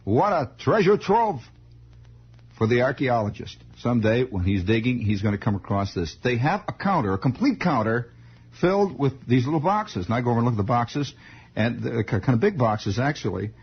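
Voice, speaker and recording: A man's voice: medium pitch, very animated, normal speed, breathy edge. Wry man on a dull old radio broadcast. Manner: rambling, wry and sardonic. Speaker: radio host. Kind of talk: late-night radio monologue.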